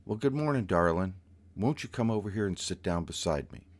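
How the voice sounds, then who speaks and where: A man voicing a genteel older aunt who is sweet-voiced but iron-willed, speaking in drawn-out endearments and slow, firm commands. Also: low-pitched, animated. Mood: sweet coaxing.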